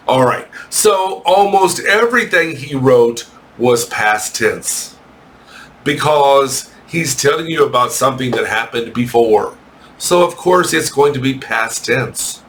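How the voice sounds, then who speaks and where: Slow, patient male English teacher. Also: medium pitch, animated, fairly bright tone. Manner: slow, patient, reads text aloud and corrects himself. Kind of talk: recorded English lesson for children.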